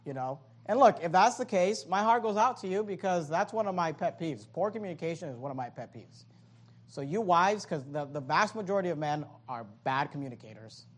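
A man with a high, bright speaking voice preaches a sermon. He is animated and joking, and breaks off into quick acted-out voices before returning to his numbered points. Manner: animated, joking asides, acts out voices of others. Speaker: pastor.

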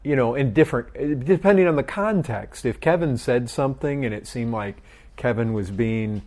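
Leading a Bible study group, this middle-aged man has a medium-pitched, slightly mellow voice. His pace is unhurried, he asks a lot of questions, and he often says the same words twice.

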